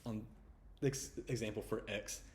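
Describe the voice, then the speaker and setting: Deep-voiced Texan man teaching pronunciation. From Texas. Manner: repeats sounds slowly, relaxed and chatty. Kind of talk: casual pronunciation lesson.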